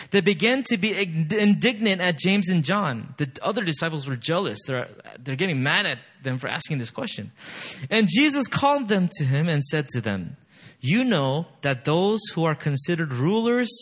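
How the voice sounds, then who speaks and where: A man's voice: a little high, fairly bright tone. A man preaching a sermon in a conversational way, reading scripture aloud with rising emphasis and using many fillers. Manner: frequent "you know" fillers. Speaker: pastor.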